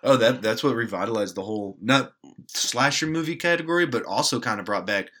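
A man's voice: medium pitch, a little fast, pushed and bright. A man co-hosting a podcast, talking bluntly and swearing freely in casual chat. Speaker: podcast co-host.

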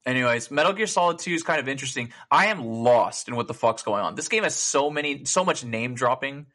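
A young man co-hosting a casual gaming podcast, telling stories in an animated way, full of swearing and laughter. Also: mid-range voice, fairly quick. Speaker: podcast co-host.

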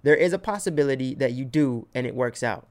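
A man's voice: medium pitch, lively intonation, a little mellow. A man hosting a podcast, joking and laughing in casual chat and giving a caller advice. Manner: joking, laughs often, talks fast at times. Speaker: podcast host.

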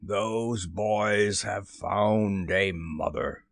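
A man reading a storybook and voicing a menacing, brooding male pirate captain who speaks in slow, drawn-out calls. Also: lowish voice, vocal fry, no echo, studio quality, heavily acted. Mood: despairing.

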